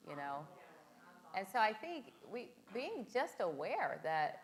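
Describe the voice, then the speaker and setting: A woman and mother taking part in a church class discussion, chiming in with agreement and telling a relaxed story. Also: mid-range voice, measured pace. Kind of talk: casual group discussion.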